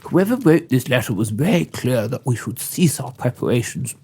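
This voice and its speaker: A man voicing a male elf helper in whispered role-play, speaking in a hushed, conspiratorial way. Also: mid-range voice, sing-song, normal speed, breathy edge, pitched below the performer's own voice. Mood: dutiful. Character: Pepper, male elf, earnest and helpful.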